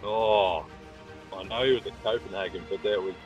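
A man phoning in to a radio quiz, relaxed and a little hesitant, starting his answers with fillers. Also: fairly low pitch, moderate pace, lo-fi sound, faint music behind. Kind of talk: casual phone-in answers.

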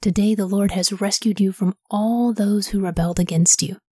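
A solemn male messenger delivers his report in measured, formal words, read by a woman. It is a low-key whispered role-play with a mellow, breathy tone. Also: steady tone, no echo, clean studio sound, close to an everyday voice.

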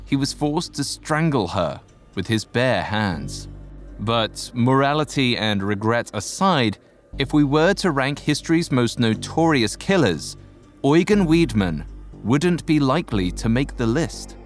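A man's voice: medium pitch, unhurried, soft background music. A man serving as guest host, delivering a scripted history narration. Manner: animated, expressive storytelling.

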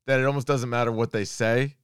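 A man's voice: mid-range voice, level tone, fast, clear, resonant tone, no echo, studio quality. A man in his thirties co-hosting a podcast in casual chat, laughing often and swearing freely. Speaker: podcast co-host.

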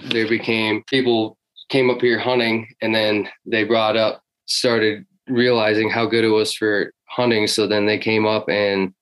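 A man's voice: fairly low pitch, level tone, measured pace, a bit bright, low-quality recording. A man talking casually about hunting history in an interview, rambling with many fillers and restarts. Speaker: hunting guest.

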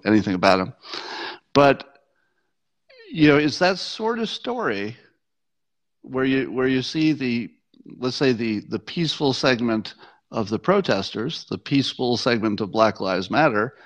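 A man's voice: mid-range voice, lo-fi sound. Wry man talking straight to listeners. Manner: conversational, wry, frequent restarts and laughs. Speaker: commentary show host. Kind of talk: casual solo commentary.

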